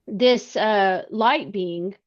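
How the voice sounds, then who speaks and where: A woman as a podcast guest, telling a personal story in conversation, earnest and halting with frequent restarts. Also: mid-range voice. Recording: slightly muffled lo-fi sound.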